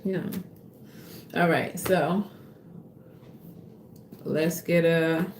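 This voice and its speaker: Woman, tarot reader, gravelly, unhurried delivery. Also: low-pitched, fairly even intonation, noisy background. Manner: casual, profane, laughs often, slips into playful voices. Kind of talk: casual tarot reading.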